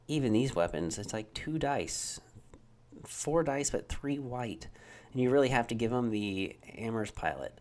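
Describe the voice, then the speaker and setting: A young man hosting a live stream, chatting casually and answering viewers' questions in a relaxed, rambling way with many fillers. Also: lowish voice. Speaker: livestream host answering chat questions. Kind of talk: casual live chat about a tabletop wargame.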